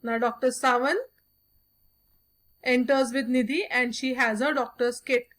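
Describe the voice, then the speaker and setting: A woman's voice: fairly high pitch, little pitch movement, unhurried, a bit bright. A woman teacher explaining a story to a class, repeating "okay" often.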